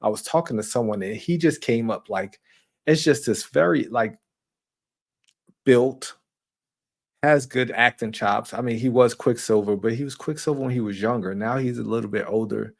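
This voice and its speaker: A man's voice: mid-range voice, moderate pace, creaky. A man talking as a guest on a casual live movie chat, rambling with many fillers and restarts.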